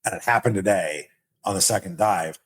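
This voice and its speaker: A man's voice: low voice, moderate pace. A man hosting a casual podcast conversation, speaking with animation, swearing often and checking in with his listener as he talks. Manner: animated, swears a lot, keeps checking with "right?". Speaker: podcast host.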